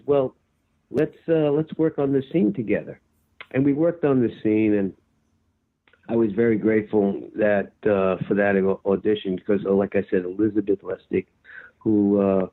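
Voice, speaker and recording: An older actor telling a lively anecdote in an interview, acting out his own shouting as he goes. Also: fairly low pitch. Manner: animated storyteller, acts out his own shouting. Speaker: actor guest. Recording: tinny phone-like line.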